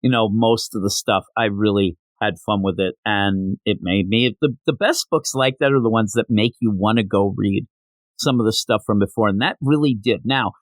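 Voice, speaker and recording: A man's voice: on the low side, moderate pace, no room sound. A man reviewing comics in a casual solo show, ranting and sarcastic, tired from not sleeping.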